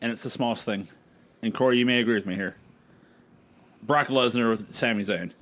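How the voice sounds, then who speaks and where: A man's voice: mid-range voice, brisk, a bit bright. A man co-hosting a casual podcast chat, loose and profane, often quoting others in put-on voices. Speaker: podcast co-host.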